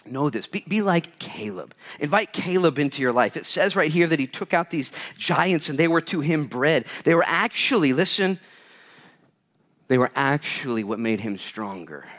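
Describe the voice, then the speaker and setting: A man preaching a sermon as pastor to a live audience, swinging between loud urgent bursts and hushed quiet lines. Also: fairly high pitch, lively intonation, normal speed.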